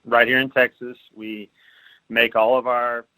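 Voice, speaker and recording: A man as a podcast guest, polite and measured, describing his business. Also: medium pitch, little pitch movement, sharp tone, no echo, poor audio. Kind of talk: interview answers.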